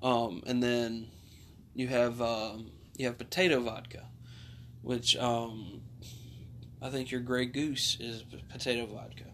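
A man's voice: mid-range voice, little pitch movement, takes it slowly, a bit bright, slight background noise. A man in casual chat, explaining drinks patiently with many fillers and restarts.

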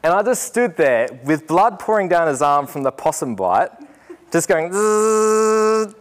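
Animated Australian man telling a story. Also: on the high side, normal speed. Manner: animated, acts out quoted voices with humor. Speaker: teacher giving a talk. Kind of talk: storytelling speech to an audience.

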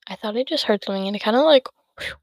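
Racing along in a mid-range voice, an eighteen-year-old woman hosts her own podcast in a casual, rambling chat heavy with fillers and self-interruptions. She sounds tired and yawns, and the audio has no echo.

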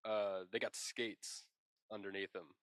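A man's voice: lowish voice, level tone, measured pace, fairly bright tone, smooth, dry recording. A man co-hosting a casual comedy podcast, rambling and spinning absurd tall tales with a straight face. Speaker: podcast co-host.

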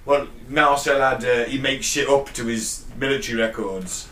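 A man's voice: medium pitch, steady tone, moderate pace, fairly bright tone. A man co-hosting a casual podcast chat, telling stories in a rambling, sweary way and laughing often. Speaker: podcast co-host. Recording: echoey room, distant mic.

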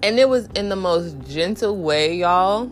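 Over soft background music, a woman hosting a podcast speaks a little slowly, sharing frank, casual thoughts on faith. Her talk is full of fillers and restarts, and she raises her pitch when acting out inner voices.

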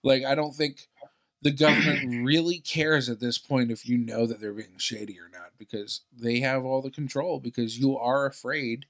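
Profane man telling an anecdote. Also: mid-range voice. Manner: profane, animated anecdotes with quick asides. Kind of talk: casual chat, storytelling.

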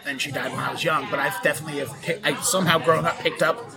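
A man's voice: a little high, fairly even intonation, fast, gravelly, over music. A man from Baltimore hosting a podcast interview, rambling and joking with plenty of fillers. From Baltimore, USA. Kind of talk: casual interview chat. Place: busy film festival venue. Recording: crowd chatter behind.

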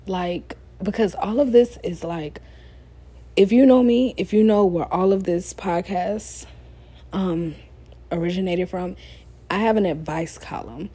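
A woman's voice: fairly low pitch, unhurried, slightly rough. A young woman hosting a casual solo advice podcast, sassy and conversational, tired late at night. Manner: sassy, conversational, animated asides. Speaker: podcast host.

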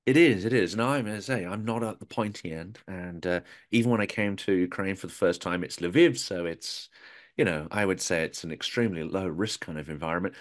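A man's voice: sits low, a little fast. Man hosting a thoughtful interview. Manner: thoughtful, hedging with fillers and repeats. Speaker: interview host, YouTuber. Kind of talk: conversational interview.

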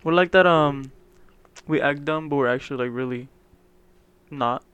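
A young man co-hosting a casual podcast, cutting in with dry jokes and quick comments. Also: on the high side, fairly bright tone, clear, resonant tone. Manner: wry interjections, joking. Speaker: podcast co-host. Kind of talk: casual chat.

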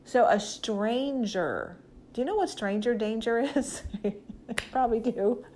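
A woman's voice: fairly high pitch, expressive, measured pace, a little mellow, slight background noise. A woman preacher giving a conversational Bible teaching, talking emphatically and directly to her listeners.

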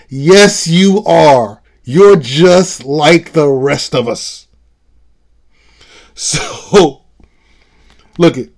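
A man hosting a show, delivering a blunt, profane commentary monologue with heavy emphasis. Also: mid-range voice. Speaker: show host.

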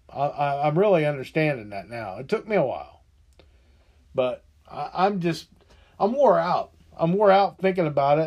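A middle-aged man with a somewhat high voice rants on his podcast. He is frustrated and profane, and he rambles, often restarting his sentences as he vents. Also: a little mellow. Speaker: podcast host. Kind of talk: angry political rant.

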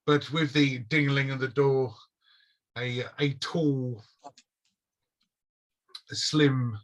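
A man's voice: medium pitch, fairly even intonation, very slow. A man running a tabletop role-playing game as game master, describing scenes in a rambling way and searching for words.

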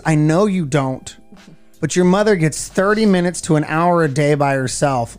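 A man's voice: fairly high pitch, normal speed, smooth, faint music behind. A middle-aged man co-hosting a radio show, chatting casually and telling stories with lots of expression. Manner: animated storytelling, acts out voices. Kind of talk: casual chat.

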